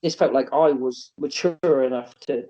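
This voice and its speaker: A man's voice: mid-range voice, moderate pace. A man in his thirties, a wrestling promoter, telling stories casually in an interview and acting out quotes in a raised voice. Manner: animated storyteller, acts out quotes in a raised voice. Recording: dull lo-fi podcast audio.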